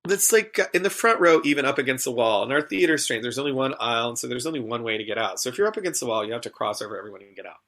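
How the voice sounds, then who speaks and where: A man, a stage performer, telling an animated story in a podcast interview and acting out the people in it. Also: mid-range voice, rapid-fire, few pauses. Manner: animated, acts out voices in his anecdotes.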